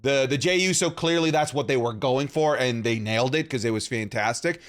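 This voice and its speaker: A man from Canada co-hosting a podcast, talking in an excitable, animated way and often saying "dude". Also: medium pitch, a little fast. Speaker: podcast co-host. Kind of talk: casual chat.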